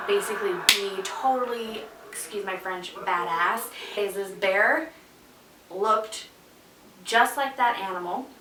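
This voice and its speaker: A woman vlogger casually telling a story, chatty, with many fillers and asides. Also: medium pitch. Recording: echoey room, mic at a distance.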